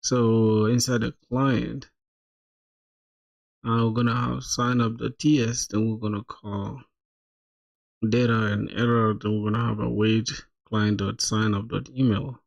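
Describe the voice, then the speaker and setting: Casual male streamer, gravelly voice, chatty, thinks aloud while he codes. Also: medium pitch, level tone, a little slow, muffled recording. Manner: thinks aloud, laughs often, says "bro" a lot. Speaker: streamer coding live. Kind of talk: casual live-coding stream chat.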